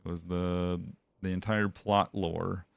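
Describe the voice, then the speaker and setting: A man's voice: low-pitched, little pitch movement, slow, vocal fry, clean tone, no room sound. A male streamer giving casual gameplay commentary, laid-back and chatty, with swearing and laughs.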